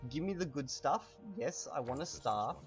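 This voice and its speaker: A man's voice: fairly high pitch, soft background music. Chatty man teaching while gaming. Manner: relaxed, chatty, repeats words slowly for emphasis. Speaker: language teacher. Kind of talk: casual lesson while playing a video game.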